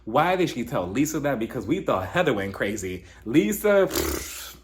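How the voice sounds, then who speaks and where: Animated, gossipy man recapping reality TV. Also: mid-range voice, moderate pace, background noise. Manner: animated, gossipy, laughs often. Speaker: reality TV reviewer. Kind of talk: casual commentary recap.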